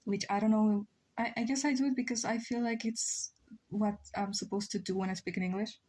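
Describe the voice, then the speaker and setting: A woman live streamer, a native Spanish speaker with a Spanish accent, chats casually with viewers while drawing, rambling and thinking aloud. Her mid-range voice is dark in tone, fairly even in intonation, and a little fast.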